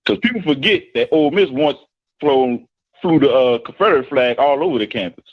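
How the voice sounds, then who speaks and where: A man's voice: mid-range voice, lively intonation, a little fast, muffled recording. A man calling in to a live show as a coach, teasing the host and then explaining his point at length. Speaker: caller, football coach. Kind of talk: casual call-in chat.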